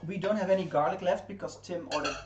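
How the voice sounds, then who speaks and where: A woman chats easily as she cooks, reading out viewer messages and laughing along. Her voice comes from across a kitchen, sounding distant and roomy. Pots, dishes and drawers clatter clearly behind her. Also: fairly low pitch, fast talker, lo-fi sound, background noise. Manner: chatty, reads chat aloud, laughs easily. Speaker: livestream co-host. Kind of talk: casual chat while cooking. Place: home kitchen. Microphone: distant room mic. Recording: echoey kitchen from far off, clattering pans.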